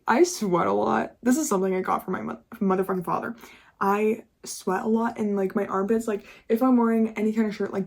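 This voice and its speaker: A woman's voice: mid-range voice, vocal fry. Young adult woman, YouTuber, candid and profane casual vlog chat, laughs a lot.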